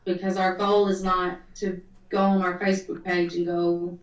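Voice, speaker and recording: A woman's voice: on the low side, flat delivery, moderate pace. A woman, a paranormal investigator, talking earnestly in casual chat. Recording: echoey room, far from mic.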